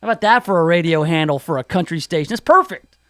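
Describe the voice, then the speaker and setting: A man's voice: a little high, very fast, no room sound. A man hosting an afternoon radio show, joking around in studio banter and slipping into hammy country DJ voices. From Memphis area. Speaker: radio host. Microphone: studio mic.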